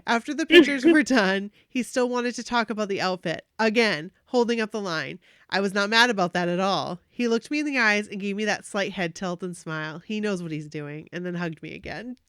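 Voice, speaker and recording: A woman's voice: medium pitch, brisk, hardly any pauses, clean tone, no echo. Dry-sounding woman gushing through a fan story. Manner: animated, gushing reading with emotional asides. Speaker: podcast host reading listener stories. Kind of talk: reading a fan story aloud, casual chat.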